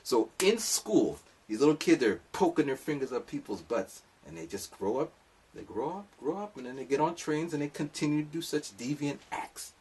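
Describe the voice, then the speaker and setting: Man, husky raspy voice, lively up-and-down delivery, rambling comic storytelling. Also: fairly high pitch, normal speed, recorded from a distance. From lives in Japan. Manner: animated, rambling, comic asides. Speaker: vlogger telling a story. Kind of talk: casual storytelling monologue.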